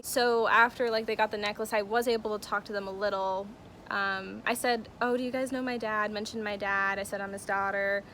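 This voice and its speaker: A young woman shares a personal story-time with her viewers, chatty and full of feeling. Her voice is bright and sits a little high. A faint hum runs behind her. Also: steady tone, brisk. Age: young adult. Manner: chatty, emotional, many fillers. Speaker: vlogger. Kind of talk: casual story-time vlog.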